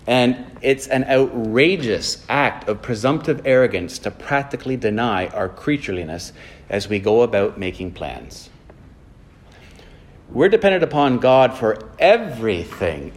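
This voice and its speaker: A man preaching a sermon in a church, mixing plain storytelling with earnest, emphatic points. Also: mid-range voice. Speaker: pastor.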